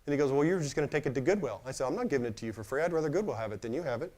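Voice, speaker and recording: A man's voice: mid-range voice, racing. A middle-aged man speaking as a storytelling speaker, acting out the lines of the people in his tale. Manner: animated storyteller acting out quoted dialogue. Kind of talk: storytelling talk.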